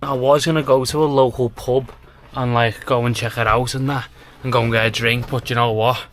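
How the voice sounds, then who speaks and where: A man's voice: mid-range voice, level tone, a little fast, fairly bright tone. A young man, chatting casually to camera in a campervan, rambling with lots of fillers. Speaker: travel vlogger. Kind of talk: casual vlog chat to camera. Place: inside a small campervan.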